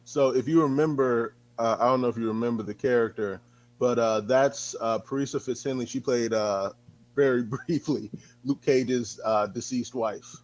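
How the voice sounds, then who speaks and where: Male co-host, mid-pitched and relaxed, dry close-mic sound; agreeable, moves the chat along with questions. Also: normal speed, no room sound, rough recording. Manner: easygoing, agreeable, asks his co-host questions. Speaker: movie review co-host. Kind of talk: casual movie review chat.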